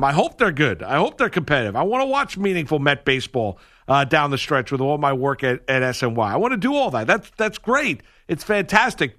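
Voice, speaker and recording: A man co-hosting sports talk radio, arguing in an animated way. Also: high-pitched. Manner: animated, argumentative.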